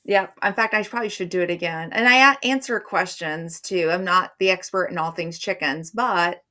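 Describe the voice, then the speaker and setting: Middle-aged woman, live-stream host, slightly low voice, rambly and chatty delivery. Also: normal speed, bright, forceful tone. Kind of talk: casual live-stream chat.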